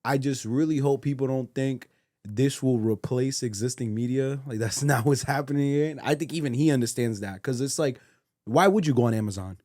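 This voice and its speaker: A man's voice: medium pitch, a little fast, mellow, no room sound, clean studio sound. Blunt emphatic podcast man. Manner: blunt, emphatic, profane opinions. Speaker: podcast co-host. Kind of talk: casual podcast chat.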